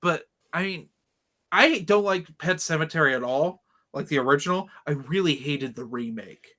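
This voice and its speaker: Chatty guy with a bright slightly high voice, opinionated, rambles in a podcast chat. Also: lively intonation, normal speed. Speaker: podcast host. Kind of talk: casual chat.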